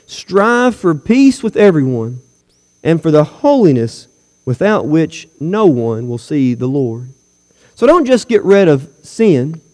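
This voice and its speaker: In a church hall with long reverb, a man preaches a sermon to his congregation, emphatic and full of rhetorical questions. His voice is a little high with a darkish tone.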